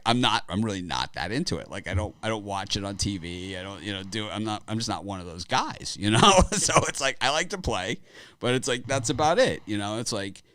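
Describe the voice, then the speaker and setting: A man's voice: medium pitch, fairly bright tone. A middle-aged man hosting a sports betting show, talking casually in a rambling way and laughing often. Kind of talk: casual chat.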